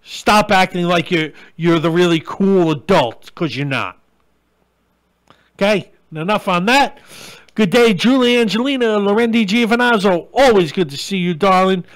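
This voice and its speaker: A middle-aged man hosts his own live online show, talking straight to his viewers in a blunt, crude, ranting way. His voice sits high for a man. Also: moderate pace. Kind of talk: live-stream rant and chat.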